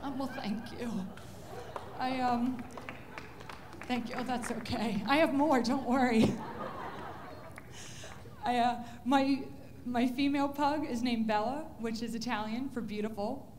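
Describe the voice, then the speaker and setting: A woman's voice: on the high side, steady tone, unhurried, background noise. A woman stand-up comedian telling pet jokes in a chatty, self-interrupting way, often laughing.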